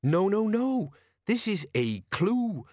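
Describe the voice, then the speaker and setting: A man's voice: high voice, very animated, slow pace, a little mellow, no echo, voice pushed up, heavily acted. A blustering, self-important sergeant, voiced by a male reader a few notes above his own voice. He lectures with smug certainty. The recording is dry and close. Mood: pompous. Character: pompous know-it-all male watch sergeant.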